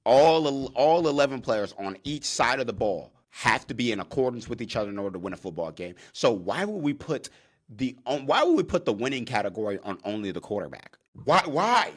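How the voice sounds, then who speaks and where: A young man hosting his own podcast, talking casually and with animation, jumping into loud acted-out on-field calls. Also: mid-range voice, sing-song, brisk. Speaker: podcast host, former college defensive back.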